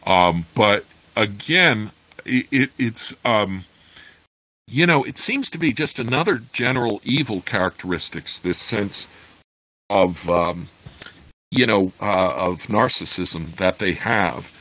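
Husky low man reading and musing. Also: takes it slowly, low-quality recording. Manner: hesitant, many fillers and restarts in commentary; plain steady reading of the narration. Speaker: podcast host reading a novel aloud and discussing it. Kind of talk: reading aloud then casual commentary.

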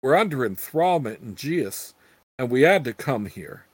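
A man's voice: mid-range voice, sing-song, unhurried, breathy edge, no room sound. A man voicing a cautious, earnest young male thief.

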